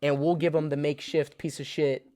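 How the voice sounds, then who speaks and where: A young man co-hosting a comedy podcast, talking in excitable, profane banter and laughing often. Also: a little high, brisk, no room sound. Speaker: podcast co-host.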